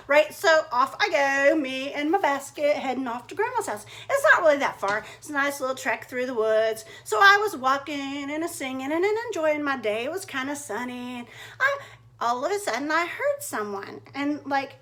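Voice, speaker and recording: A woman's voice: high voice, sing-song, normal speed, sharp tone. A woman telling a story in first person as Red, a chatty young woman with a bubbly manner full of "like". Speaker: narrator in character.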